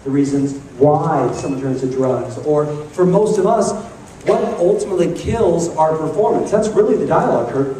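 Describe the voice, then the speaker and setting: A man giving an energetic motivational talk to a live audience, joking and firing questions at the crowd. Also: a little high, a little hiss or hum. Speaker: motivational speaker. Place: large conference hall. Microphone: handheld camcorder in the audience. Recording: echoey hall taped from far off on a camcorder.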